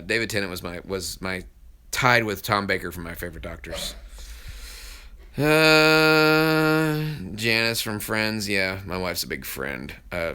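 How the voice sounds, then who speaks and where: Chatty bright-voiced male streamer. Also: fairly low pitch. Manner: rambling and chatty, with frequent laughs and restarts. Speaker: voice actor and live-stream host. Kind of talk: casual live-stream chat answering viewer comments.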